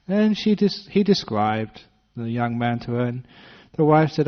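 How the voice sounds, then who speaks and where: Gentle storytelling English monk. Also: male voice, mid-range voice, lively intonation, normal speed, few pauses. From British-born, based in Western Australia. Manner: gentle humorous storytelling with acted voices. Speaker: Buddhist monk giving a dharma talk. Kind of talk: storytelling dharma talk. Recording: dull lo-fi talk recording.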